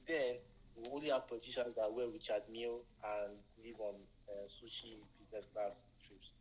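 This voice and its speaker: A man's voice: medium pitch, fairly even intonation, moderate pace, a little mellow, rough recording. Earnest man arguing. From Nigeria. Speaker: guest panelist. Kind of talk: live audio panel discussion.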